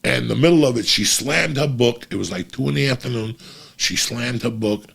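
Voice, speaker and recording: A man telling a profane, animated story and acting out the voices of the people in it. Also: mid-range voice, brisk, gravelly, breathy edge. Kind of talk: casual storytelling.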